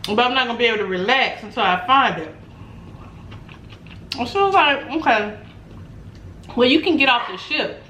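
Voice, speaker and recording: A woman tells a story in a relaxed vlog chat, animated and quick to laugh. Her voice sits a little high. The room gives it a roomy echo with faint noise behind. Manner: animated, laughs often, acts out quotes. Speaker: mukbang vlogger.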